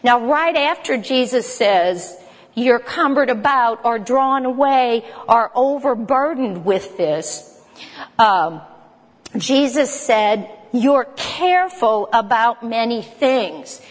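A woman's voice: fairly high pitch, lively intonation, slow pace, big-room sound. A woman teaching an informal Bible study in a chatty, conversational way, with joking asides to her group.

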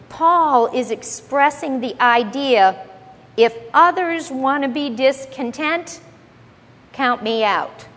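Woman Bible teacher, emphatic, higher voice, long hall reverb. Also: a bit bright. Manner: emphatic, explains word by word, asks the audience questions.

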